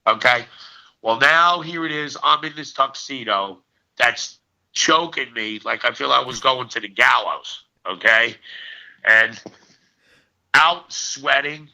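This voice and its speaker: A man in his sixties, an actor guest, telling stories as an animated raconteur who punches his lines with "okay.". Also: medium pitch, slow pace, gravelly. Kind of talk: storytelling in a casual interview. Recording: dull lo-fi recording.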